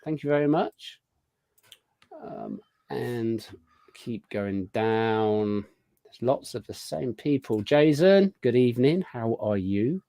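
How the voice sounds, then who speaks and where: A man hosting a casual live show, chatting warmly through a long list of viewer greetings. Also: medium pitch, expressive, slow, vocal fry, dry recording. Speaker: podcast host. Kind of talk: casual live-stream chat.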